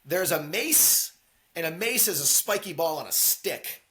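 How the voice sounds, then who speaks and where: A man co-hosting a casual podcast, chatting about movies and sports with a laughing, animated manner. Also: fairly high pitch, measured pace. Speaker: podcast co-host.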